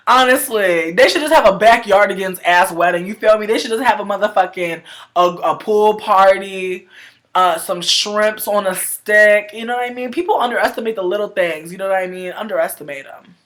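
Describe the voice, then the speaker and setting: An animated woman riffs on a reality show into her webcam, her voice sitting at a middle pitch. She is profane and quick to shout, then drops to a low mutter before building up again. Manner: animated, profane, swings between loud outbursts and low mutters. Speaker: reality TV reviewer. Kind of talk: casual livestream commentary. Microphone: webcam livestream.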